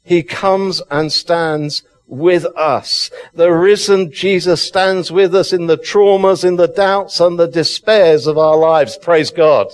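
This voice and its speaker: A man's voice: a little high, fairly even intonation. A man preaching an Easter sermon, fervent and emphatic, repeating phrases for effect. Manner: fervent, emphatic, slow deliberate delivery with repetition. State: excited.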